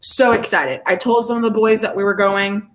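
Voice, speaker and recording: A woman co-hosting a podcast in casual chat, bubbly and gushing, often repeating herself when excited. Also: mid-range voice, moderate pace. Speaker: podcast co-host.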